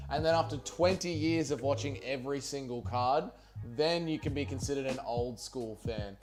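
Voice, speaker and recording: A man's voice: mid-range voice, moderate pace, music in the background. An Australian man hosting a casual livestream, reading chat and bantering with viewers, with plenty of swearing and jokes. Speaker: livestream host.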